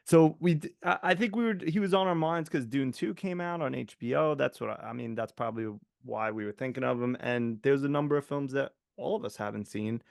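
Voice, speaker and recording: Gravelly rambling male co-host. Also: medium pitch, fairly quick, hardly any pauses, no room sound, studio quality. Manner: rambling, filler-heavy, excitable. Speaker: podcast co-host. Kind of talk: casual podcast chat.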